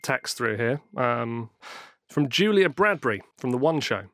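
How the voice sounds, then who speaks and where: A man's voice: medium pitch, big pitch swings, measured pace, sharp tone. A British man hosting a comedy podcast, delivering his bits dry and mock-formal. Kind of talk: deadpan comedy bit.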